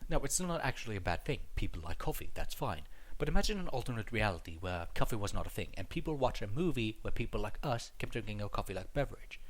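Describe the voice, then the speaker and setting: A man's voice: lowish voice, big pitch swings, fast talker. A young man reading a scripted stand-up comedy monologue in a wry, joking manner, recorded on a headset mic.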